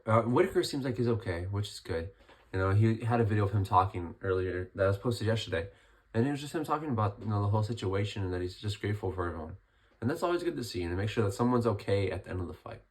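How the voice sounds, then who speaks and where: A young man with a hoarse, worn voice, still getting over being sick, talking casually and rambling as he breaks down a fight night. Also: fairly low pitch. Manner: chatty, rambling, lots of restarts. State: hoarse, recovering from illness. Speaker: MMA commentary vlogger.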